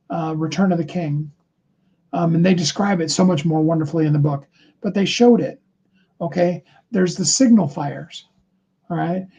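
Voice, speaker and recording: A man's voice: sits high, warm tone, muffled recording. A man giving a motivational livestream talk, speaking earnestly and encouragingly to his viewers. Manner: earnest, encouraging, acts out short sample dialogues.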